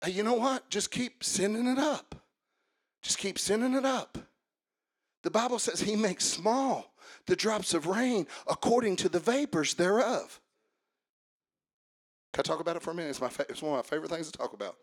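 A male preacher delivering a sermon in a church, swinging from quiet talk to shouted, sing-song preaching. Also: sits high, expressive, moderate pace, long pauses. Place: church sanctuary.

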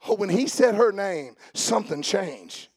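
A man preaching an Easter sermon in church, joking quietly with the congregation and then building to loud, drawn-out preaching. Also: high voice, lively intonation, gravelly, slightly rough.

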